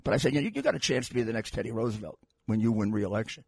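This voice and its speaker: An older man hosting a political talk radio show, animated and restarting his phrases as he talks. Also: lowish voice, racing, gravelly, slightly rough, no room sound, studio quality.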